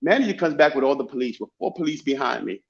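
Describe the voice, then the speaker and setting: A man guest telling stories in casual, animated talk, with many repeats and restarts. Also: medium pitch, fast, gravelly, dull audio. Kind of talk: casual storytelling.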